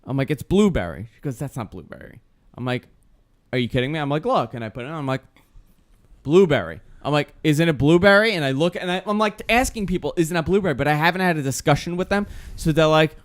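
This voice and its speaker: A man's voice: on the high side, animated, fast talker. A young adult man hosting a casual chat show, telling stories animatedly and acting out the dialogue. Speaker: host.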